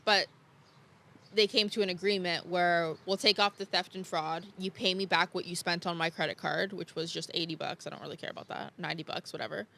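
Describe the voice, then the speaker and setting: A woman's voice: lowish voice, steady tone, brisk, vocal fry, bright, forceful tone. A young woman guest on a podcast, telling her story frankly and casually, swearing freely and laughing off hard memories. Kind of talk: candid conversational storytelling.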